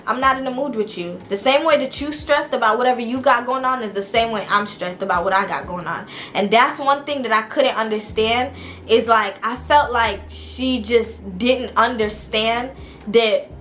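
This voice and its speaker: A young woman vlogger telling a personal story in a casual, animated way, talking straight to her viewers. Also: mid-range voice, slight background noise.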